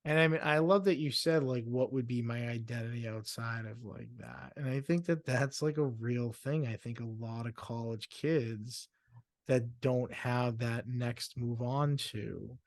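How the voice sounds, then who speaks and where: A man hosts a podcast interview and asks long, wandering questions padded with fillers. His voice has an ordinary middle pitch and sounds dry and close, with no room echo. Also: a little slow. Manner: rambling, filler-heavy questions. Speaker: podcast host. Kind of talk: casual interview chat.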